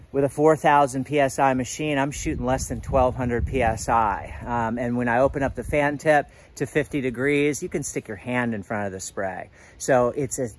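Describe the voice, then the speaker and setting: A man's voice: medium pitch, a bit bright, a little hiss or hum. A man who runs a pressure washing business, talking casually with lots of ums and uhs while he walks around a house and films it. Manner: filming himself while walking around a house; chatty, plain-spoken, many ums and uhs. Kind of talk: casual walkthrough vlog. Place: outdoors at a house.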